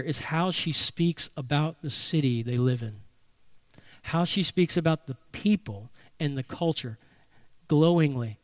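A man preaches from the pulpit, his voice sitting high for a man. He preaches in an animated way, acting out voices to drive his points home. The sound is dry and close. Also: dry recording. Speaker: pastor. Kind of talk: sermon.

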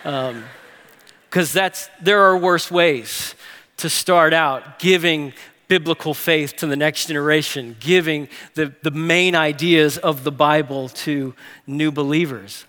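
A man delivers a sermon in a high, bright voice, dropping to quiet, slow phrases and then rising into fast, emphatic bursts. His voice carries a long reverb, as if recorded in a large church hall. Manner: animated preaching with big swings from hushed to emphatic. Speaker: pastor.

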